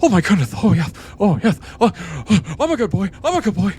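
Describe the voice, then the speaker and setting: A man's voice: sits high, big pitch swings, fairly quick, darkish tone, a little hiss or hum, pitched above the performer's own voice. A man voicing a fussy, whiny male dog companion who hesitates and then gushes. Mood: overjoyed.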